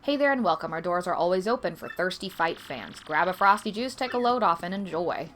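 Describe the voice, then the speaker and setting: Woman playing a cheery barkeep, welcoming, sing-song, lively pitch, game character. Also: fairly quick. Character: cheery juice-stand barkeep.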